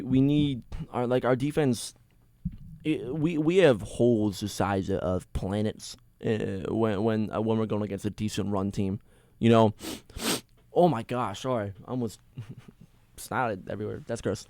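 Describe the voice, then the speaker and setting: A man hosting a sports podcast, ranting alone in an excitable, rambling way with many restarts. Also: mid-range voice, no room sound, studio quality. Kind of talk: casual solo sports rant.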